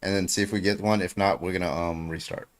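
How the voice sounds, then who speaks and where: Deep-voiced laid-back man streaming. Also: fairly even intonation, fast talker. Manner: laid-back, laughs often. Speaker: stream host. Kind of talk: casual livestream chat.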